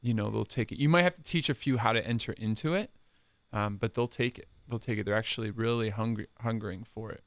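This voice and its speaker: A man's voice: on the low side, quick pace, no room sound. A man, a religious brother who works in youth ministry, telling stories earnestly and repeating phrases for emphasis. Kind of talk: casual podcast conversation.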